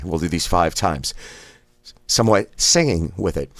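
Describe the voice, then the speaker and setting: Slow, low-voiced man leading voice drills. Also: dry recording, studio quality. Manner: relaxed, joking asides between drills. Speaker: voice exercise guide. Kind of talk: follow-along voice exercises.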